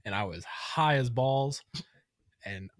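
A young man from Michigan telling a story in casual chat, animated and swearing, acting out the voices of others. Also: mid-range voice, slow, dry recording, studio quality. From Flint, Michigan. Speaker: podcast guest.

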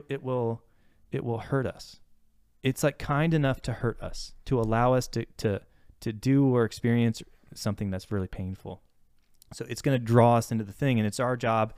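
Reflective man with a smooth voice. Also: medium pitch, darkish tone, dry recording, studio quality. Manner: reflective and searching, circling back with restarts. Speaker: therapist and podcast co-host. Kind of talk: casual podcast conversation.

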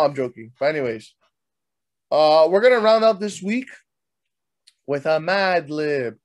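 A man's voice: a little high, measured pace. A young man hosting, telling a story as a crude, heated comic rant full of swearing. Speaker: host. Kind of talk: profane comedic rant.

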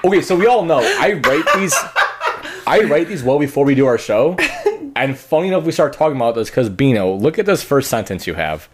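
A man's voice: mid-range voice, sing-song, a little fast, a crowd in the background. A man hosting a comedy podcast, upbeat and leading the segments. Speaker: podcast host. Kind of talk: casual chat.

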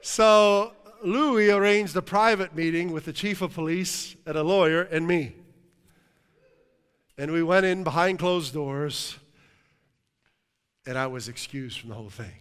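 A middle-aged man preaching a sermon as pastor, telling a story in a lively, joking way. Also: on the high side, smooth. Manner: animated storytelling, jokes and laughs with the congregation. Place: church sanctuary. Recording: long hall reverb.

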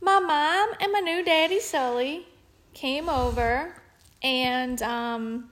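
A woman's voice: high-pitched, takes it slowly, fairly bright tone, a little hiss or hum. A woman with a New Orleans accent, chatting casually and telling stories animatedly as a podcast co-host. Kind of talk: casual chat.

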